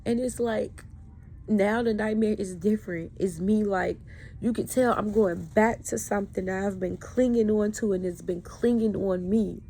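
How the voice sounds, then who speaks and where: A woman's voice: medium pitch, steady tone, normal speed, dark tone, slight background noise. A woman talking straight to camera in a candid personal vlog, with raw, emotional, profane storytelling. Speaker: vlogger.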